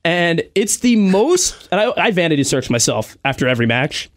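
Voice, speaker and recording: A man's voice: a little high, normal speed. A man, a guest pro wrestler, chatting casually and telling stories with lots of fillers. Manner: animated storytelling, many fillers and laughs. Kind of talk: casual podcast chat.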